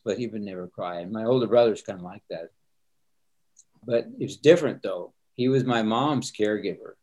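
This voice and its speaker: An older man who serves as a pastor talks in a low, settled voice. He is earnest and open about emotion, and a light laugh comes easily to him. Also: normal speed, a little mellow. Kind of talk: candid interview talk.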